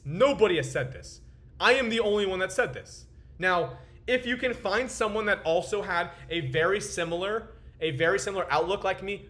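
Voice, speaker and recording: A man's voice: sits high, expressive, moderate pace, pushed and bright. A young man hosting his own crypto trading channel, ranting to camera in profane, boastful market commentary with a frustrated edge. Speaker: crypto trader and video host.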